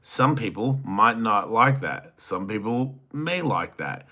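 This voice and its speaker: Lowish, forceful Australian man. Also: animated, slow pace. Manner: crude, teasing and rambling. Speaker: host. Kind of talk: solo livestream reading chat.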